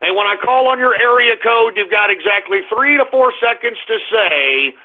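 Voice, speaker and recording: A male talk radio host ranting in a sarcastic, profane style. His voice is unusually high for a man and has a gravelly fry. It sounds thin and narrow, like a phone line. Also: expressive, normal speed.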